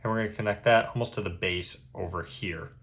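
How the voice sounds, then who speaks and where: A man giving a step-by-step drawing lesson, patient and easygoing, checking in with a quick "okay?" after each step. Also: on the low side, fairly bright tone, a little hiss or hum. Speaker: drawing instructor.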